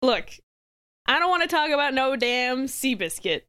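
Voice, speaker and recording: A woman's voice: high voice, lively intonation, normal speed, sharp tone, no echo, studio quality. A woman co-hosting a casual comedy podcast, giggly and rambling, often laughing at her own jokes. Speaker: podcast co-host.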